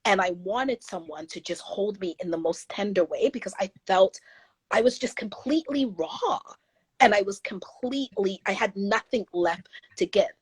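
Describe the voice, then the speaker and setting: Earnest woman with a husky voice. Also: mid-range voice, moderate pace, dry recording. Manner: earnest, emphatic, acts out quoted voices. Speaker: guest author. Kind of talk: candid interview conversation.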